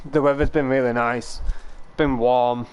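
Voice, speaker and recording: A man's voice: medium pitch, steady tone, a little slow, clear, resonant tone. A young British man with a British accent, chatting casually and rambling on a game stream, swearing now and then and laughing often. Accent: British English.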